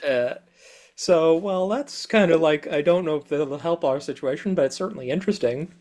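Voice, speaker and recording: A man's voice: on the high side, moderate pace, darkish tone. A man playing in a tabletop game, arguing in character and chatting casually. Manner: speaks in character as a defiant negotiator, then chats casually. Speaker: player.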